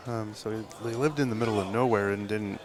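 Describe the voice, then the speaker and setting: A tattoo artist speaking in a live podcast interview at a tattoo convention tells a long, rambling story packed with fillers and swearing. His voice is lowish and steady, his pace quick, and loud crowd chatter fills the recording.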